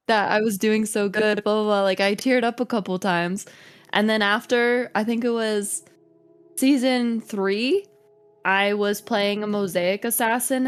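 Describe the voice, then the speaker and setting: A woman's voice: medium pitch, clean tone. A woman guest, a streamer and content creator, chatting casually in an interview, bubbly and giggly with lots of "like" fillers.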